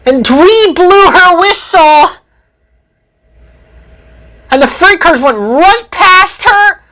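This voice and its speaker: A woman narrating a homemade train story in an unhurried, sing-song storytelling manner. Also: extremely high pitch, animated, sharp tone.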